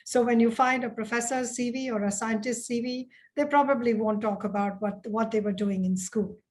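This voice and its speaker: A middle-aged woman, an educator with international experience, giving a measured lecture on application documents to students. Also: on the high side, fairly even intonation, a little mellow. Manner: measured, explanatory, addresses students directly. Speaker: educator and admissions coach. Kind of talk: webinar lecture.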